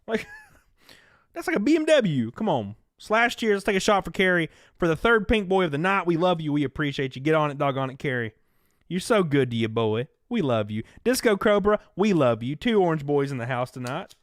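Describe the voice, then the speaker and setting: Southern guy, young, live-stream host, lively and foul-mouthed, dry close mic, slightly high voice. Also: fairly quick, no room sound. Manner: animated, profane, reads out chat donations. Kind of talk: casual live-stream commentary.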